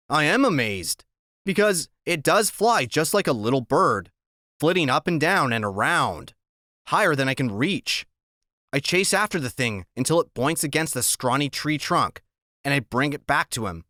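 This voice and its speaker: A man reads a first-person audiobook in a casual, plain-spoken way. His voice is bright and forceful, with an animated melody. The studio sound is dry and close to the microphone. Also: mid-range voice, no echo. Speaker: audiobook narrator.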